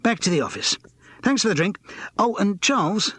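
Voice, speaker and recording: A man voicing a brisk, chirpy theatrical agent with a businesslike manner. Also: sits high, big pitch swings, a bit bright, husky, dry recording, pitched above the performer's own voice, full character voice.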